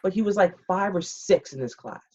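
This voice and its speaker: At medium pitch and moderate pace, with slight background noise, a fiftysomething woman who retired as a military pilot tells a story on a podcast. Blunt and candid, she animates the retelling with quoted dialogue during a casual interview, and the audio is slightly dull and muffled.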